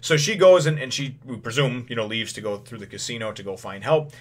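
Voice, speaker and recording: Here a man of medium pitch speaks fairly quickly while hosting his channel. He gives a rambling, casual retelling of a comic chapter, full of "you know" fillers, with a chuckle slipping in here and there.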